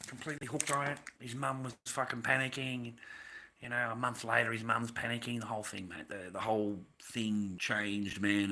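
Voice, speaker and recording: A man's voice: on the low side, pushed and bright, slight background noise. A middle-aged man, telling long, loose stories on a livestream with plenty of swearing and slang. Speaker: livestream host. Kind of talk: rambling casual storytelling.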